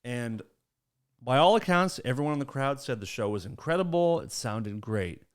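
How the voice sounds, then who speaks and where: A man's voice: medium pitch, moderate pace. A young adult man hosting a podcast, telling a casual story with plenty of laughter and acted-out quotes. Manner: animated, laughs mid-story, acts out quotes. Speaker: podcast host.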